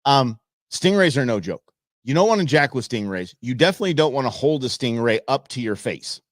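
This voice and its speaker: A man hosting a show, giving playful, animated commentary over viral videos and talking back at the footage. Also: mid-range voice, brisk, dry recording, clean studio sound. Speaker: show host.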